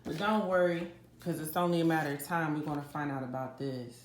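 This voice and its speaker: A woman's voice: deep voice, fairly even intonation, brisk, few pauses, a little hiss or hum. A woman tarot reader giving a casual, dramatic psychic reading at home, talking straight to her viewers. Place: home kitchen. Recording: roomy home echo.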